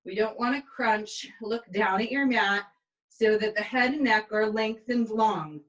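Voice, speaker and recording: Slow-paced woman cueing a pilates class. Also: mid-range voice, far from the mic, rough recording. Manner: calm step-by-step cueing with counts. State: tired, yawning. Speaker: pilates instructor. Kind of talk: guided exercise instruction. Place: indoor exercise space.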